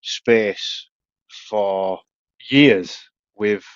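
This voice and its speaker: A man's voice: fairly low pitch, drawn-out words, clear, resonant tone, no echo. Rambling Yorkshire man, dry dull sound. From Yorkshire, England. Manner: rambling, many restarts, swears, laughs often. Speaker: podcast co-host. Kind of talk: casual storytelling chat.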